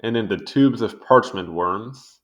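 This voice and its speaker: Young man, lowish voice, casual read-along commentary, rambling and sidetracked. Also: unhurried. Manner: rambling, easily sidetracked, amused asides. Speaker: video host reading a wiki article.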